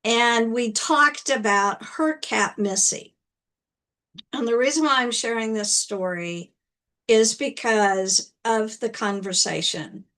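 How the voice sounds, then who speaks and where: A woman motivational speaker tells a personal story slowly and gently. Her voice sits fairly high, and she often repeats words as she recounts the moment.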